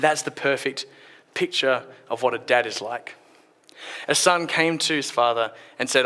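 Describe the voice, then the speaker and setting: A man giving a short church sermon, retelling a story and dropping his voice softly at key points. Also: mid-range voice, moderate pace. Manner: retells the story with acted quotes, drops softer at key points. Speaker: preacher.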